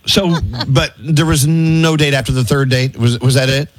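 A man's voice: medium pitch, steady tone, normal speed, noisy background. A man hosting a call-in radio show and teasing his callers in a playful, joking way. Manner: jokey and playful.

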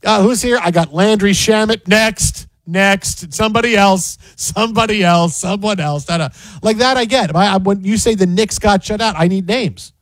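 A man's voice: sits high, normal speed, hardly any pauses, no echo. A man co-hosting a casual sports talk show, ranting with repeated restarts and frequent laughs. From Detroit area. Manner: animated, ranting, repeats himself, laughs often. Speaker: sports radio co-host.

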